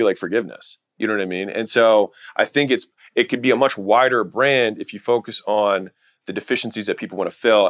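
A man's voice: lowish voice, fairly bright tone. A man hosting a podcast, talking casually through business advice and telling a story. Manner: casual, storytelling with quick character voices. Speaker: podcast host.

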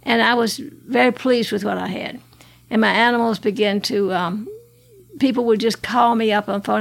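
Gravelly elderly woman. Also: fairly high pitch, steady tone, moderate pace. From Alabama, US. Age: 80s. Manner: earnest storytelling with restarts and laughs. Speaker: guest sharing her testimony. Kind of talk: personal testimony.

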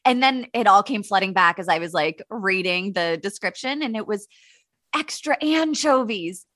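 A woman's voice: mid-range voice, moderate pace, no room sound, studio quality. A woman co-hosting a podcast, reading secrets and chatting casually, giggling and acting out quotes. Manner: giggly, lively, acts out quotes. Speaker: podcast co-host.

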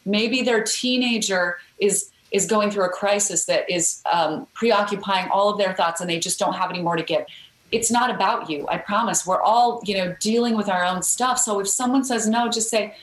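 A woman's voice: medium pitch, moderate pace. A middle-aged woman, a guest author, telling a story earnestly in a podcast interview, with fillers and restarts. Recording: roomy echo.

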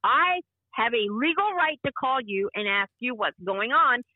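A woman's voice: a little high, animated, unhurried, no room sound. A woman in her fifties, an interview guest giving an emphatic personal account and acting out the dialogue she quotes. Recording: tinny phone-line sound.

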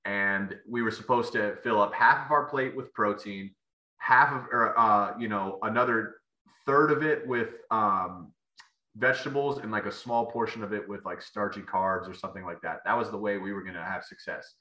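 A man's voice: lowish voice, moderate pace, sharp tone. A man, a former football player, telling rambling stories as a podcast guest, with many fillers and restarts. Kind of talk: casual storytelling interview. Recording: echoey room.

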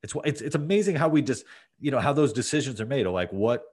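A man's voice: mid-range voice, animated, fast talker, a little mellow, slightly rough. A man hosting a podcast, talking casually with lots of fillers and restarts. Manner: rambling, many fillers and restarts. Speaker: podcast host. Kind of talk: casual conversation.

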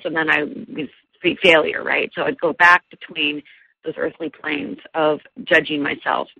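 A middle-aged woman with a gravelly edge tells her own story as an interview guest, earnest and animated, stumbling through restarts and fillers. The recording sounds dull and lo-fi, dry with no room around her. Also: sits low, no echo. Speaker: guest, life coach.

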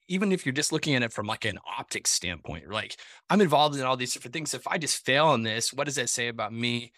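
A man hosts a podcast in loose, rambling talk, full of likes, restarts and casual swearing. His tone is bright and edgy. The sound is dry and close. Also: a little high, no echo. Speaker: podcast host.

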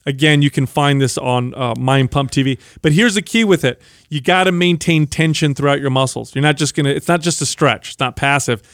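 Slightly high man giving exercise steps. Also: brisk, hardly any pauses, a bit bright, dry recording, studio quality. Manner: instructive, walks through exercises step by step. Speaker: podcast co-host. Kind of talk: casual fitness podcast chat.

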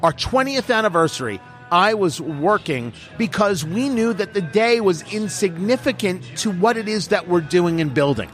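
A man's voice: sits high, lively intonation, normal speed, few pauses, a bit bright, soft background music. A middle-aged man, a radio host, chatting casually with blunt, emphatic opinions. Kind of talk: casual chat.

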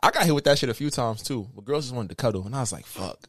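A man's voice: mid-range voice, expressive, dry recording, studio quality. A man co-hosting a podcast, joking crudely in casual banter. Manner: joking, crude, quick-talking. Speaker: podcast co-host.

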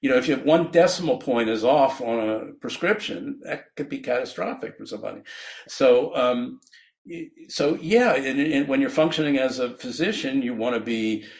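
A man's voice: medium pitch, moderate pace, vocal fry, a little mellow. Earnest man explaining, laughing often. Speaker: physician and guest expert. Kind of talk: podcast interview explaining ideas.

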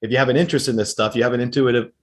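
Middle-aged man, podcast host, rapid delivery, enthusiastic and affirming. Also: mid-range voice, steady tone. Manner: eager, enthusiastic, quick to affirm. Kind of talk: podcast interview talk.

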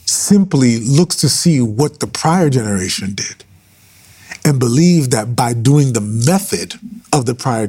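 A man preaching fervently in a husky, breathy voice, hammering each point by saying it again and again. He talks directly to his listeners as he goes, in a live-streamed style of preaching. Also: medium pitch, a little mellow. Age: adult with sons. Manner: fervent, repeating phrases for emphasis. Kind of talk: impassioned preaching on a livestream.

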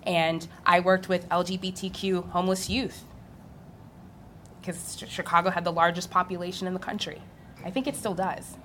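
A young adult woman on a live panel, telling her story in an animated way and laughing often. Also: on the low side, normal speed, slight background noise. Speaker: physical therapist on a panel.

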